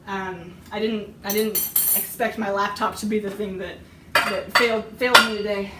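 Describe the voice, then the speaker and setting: A woman with a hoarse, fading voice chats casually and rambles while she bakes on a live stream, often laughing. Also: medium pitch, steady tone, moderate pace, very noisy. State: hoarse, losing her voice. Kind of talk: casual chat while cooking. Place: home kitchen. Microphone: iPad microphone. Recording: roomy lo-fi tablet audio from a distance.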